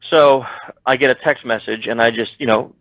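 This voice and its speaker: A man's voice: medium pitch, moderate pace, no room sound, low-quality recording. A man guest in an interview, telling a story from his work and acting out the dialogue in it. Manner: animated, acts out dialogue in his stories. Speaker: security expert guest. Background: speaking while standing at his desk.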